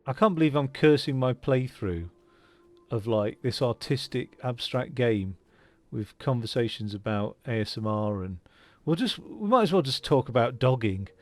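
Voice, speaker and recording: A gaming channel host gives casual let's-play commentary in an animated, medium-pitched voice at a moderate pace. He rambles while he plays, with lots of fillers and restarts, on a dry recording.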